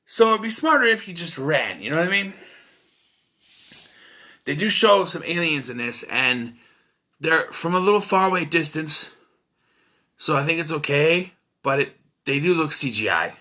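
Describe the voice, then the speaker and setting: Man reviewing a movie off the cuff, animated delivery, exasperated and profane. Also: fairly high pitch, normal speed, long pauses. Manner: rambling, exasperated, swears freely. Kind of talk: casual spoken film review.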